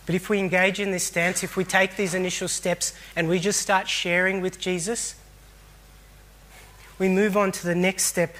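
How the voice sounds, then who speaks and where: A man's voice: high-pitched, flat delivery, normal speed, a bit bright. Man giving a sermon, earnest, kinda reflective, repeats himself for emphasis. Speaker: preacher.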